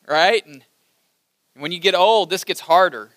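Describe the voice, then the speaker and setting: A man preaching a sermon at a campus ministry gathering, animated and repetitive, leading the crowd in call-and-response. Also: a little high, normal speed, smooth, no echo. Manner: animated, repeats phrases, leads audience call-and-response. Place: large hall with balcony.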